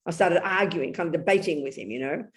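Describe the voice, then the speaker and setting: An older woman with an English accent giving a blunt, animated Buddhist talk, telling stories and breaking into sudden loud bursts. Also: lowish voice, quick pace. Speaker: Buddhist nun teacher. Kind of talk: Dharma talk.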